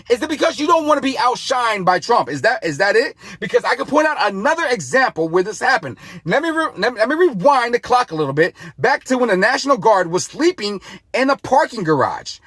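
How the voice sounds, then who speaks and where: A man's voice: very high voice, fairly bright tone, husky, dry recording. A man hosting his own political commentary channel, talking to viewers in an impassioned, repetitive way. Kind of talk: casual political commentary to camera.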